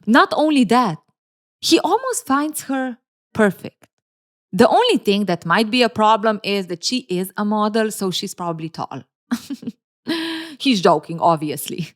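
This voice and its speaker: Sarcastic woman giving casual video commentary. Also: a little high. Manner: sarcastic, teasing, laughs often; animated, playful asides. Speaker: relationship commentary YouTuber.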